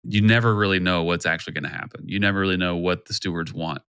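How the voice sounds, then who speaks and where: A man's voice: sits low, steady tone, quick pace, pushed and bright, smooth, no echo, clean studio sound. A man from the US co-hosting a podcast in casual chat, sharing nerdy facts eagerly with lots of fillers. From United States. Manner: nerdy, enthusiastic fact-sharing with many fillers. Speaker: podcast co-host.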